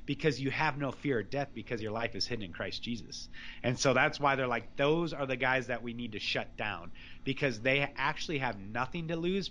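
A man talking as a guest, telling a story in a heated, animated way with casual slang. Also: mid-range voice, a little hiss or hum. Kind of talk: casual conversation.

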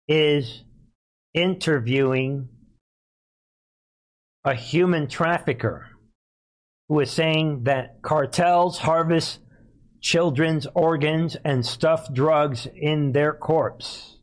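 A man hosting a political commentary show, talking emphatically, repeating himself and often clearing his throat. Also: fairly high pitch, extremely slow, pauses often, poor audio. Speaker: host.

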